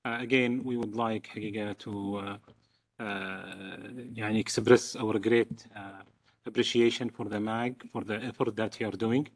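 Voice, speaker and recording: A native Arabic speaker from Saudi Arabia, with a Saudi accent, delivers a formal statement as the host country's representative. He speaks haltingly with many fillers and repeated words, in a lowish voice with fairly even intonation.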